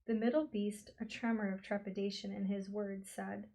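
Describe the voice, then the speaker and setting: A woman reading a novel aloud as an audiobook narrator, slow and expressive. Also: mid-range voice, rough recording. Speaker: audiobook reader. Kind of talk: scripted storybook narration.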